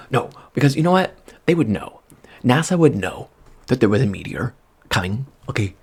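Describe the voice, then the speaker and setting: A man rambling in soft-spoken ASMR chat at a close microphone, drifting from hushed murmurs to excited outbursts. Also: fairly low pitch, fast talker, husky. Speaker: vlogger.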